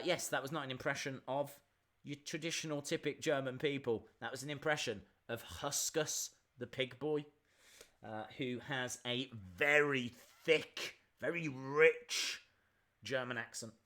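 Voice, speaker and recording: A man's voice: on the high side, pushed and bright. A man hosting a live reaction stream, chatting and answering viewer questions as they come in.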